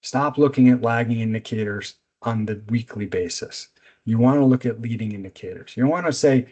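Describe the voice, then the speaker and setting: A middle-aged man presenting a business seminar as a coach, speaking in a direct, energetic, instructive way. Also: medium pitch, brisk, muffled recording.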